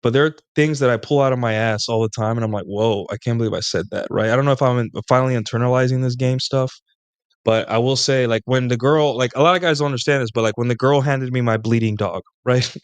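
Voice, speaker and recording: A man of middle pitch with a smooth, resonant voice, recorded dry and close. He boasts his way through loose, rambling dating anecdotes on his own stream, forever turning to his listeners for agreement. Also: fast talker, dry recording. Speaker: streamer hosting a solo talk show. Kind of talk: casual storytelling monologue about dating.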